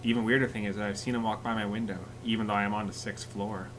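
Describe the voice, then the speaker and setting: A man's voice: on the low side, flat delivery, very fast, a little hiss or hum, low-quality recording. A man reading a scary story aloud to friends, often laughing and stopping to joke about it. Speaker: story reader.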